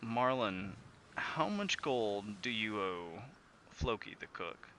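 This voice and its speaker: A man's voice: on the low side, lively intonation, slow, bright, forceful tone, slight background noise, full character voice. A man voicing a stern, commanding male ship captain in a tabletop game.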